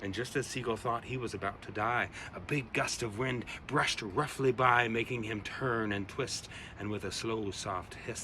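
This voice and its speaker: A man reading his own rhyming children's poem aloud, with an expressive, rhythmic delivery. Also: on the low side, moderate pace, hardly any pauses, slight background noise. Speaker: storyteller.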